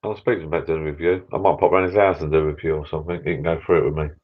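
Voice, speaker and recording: Deep-voiced rambling man, lo-fi. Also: fairly even intonation, very fast, husky. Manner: rambling, chatty, self-interrupting, grumbling. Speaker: live-stream host. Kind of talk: casual chat with viewers. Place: backyard pub shed. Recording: dull lo-fi live stream audio.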